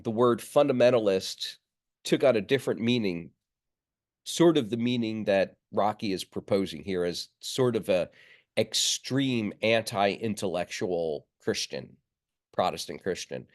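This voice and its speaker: A man giving an online seminary lecture from his notes, measured, with fillers and restarts, on a computer mic. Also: medium pitch. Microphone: computer mic on a video call.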